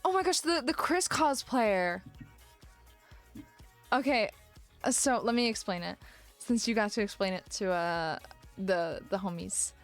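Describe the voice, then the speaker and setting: A woman's voice: mid-range voice, a little slow, pauses often, faint music behind. A young woman livestreamer chatting casually, telling stories with lots of laughter and the odd swear. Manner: animated storytelling, frequent laughter and swearing. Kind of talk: casual chat.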